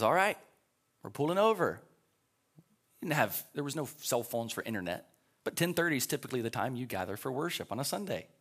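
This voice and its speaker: A man's voice: lowish voice, fairly bright tone. A male pastor teaching a live Sunday school class in a church, chatting casually and reading scripture aloud before explaining it.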